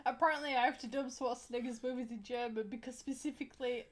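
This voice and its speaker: A woman with a high voice chatting on a casual livestream. She rambles and giggles, tripping over her own restarts as she goes. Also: steady tone, fast. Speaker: streamer co-host.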